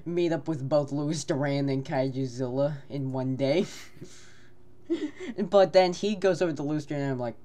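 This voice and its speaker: A man co-hosting a casual podcast, telling a rambling, animated story and laughing often. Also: a little high, moderate pace. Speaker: podcast co-host.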